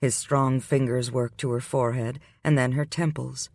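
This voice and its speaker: A man giving the scripted, unhurried narration of a romance audiobook. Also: mid-range voice, steady tone, darkish tone, no echo, clean studio sound.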